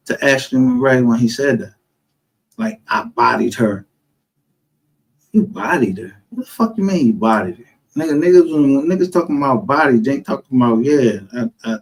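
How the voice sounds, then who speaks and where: A man with a mid-range voice and a Texas accent tells stories in relaxed conversation, animated and profane, heavy on street slang, and acting out what others said. The recording is rough.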